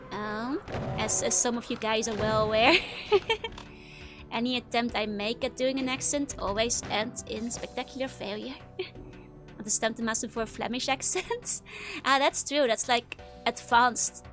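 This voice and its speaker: A young woman from the Netherlands with a Dutch accent, chatting casually while streaming a game, laughing often and filling her talk with "like". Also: high voice. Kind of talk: casual gaming livestream chat. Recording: game music playing behind.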